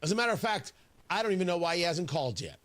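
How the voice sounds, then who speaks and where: A man's voice: sits high, lively intonation, racing, fairly bright tone. A male radio talk show host delivering a combative, sarcastic opinion monologue.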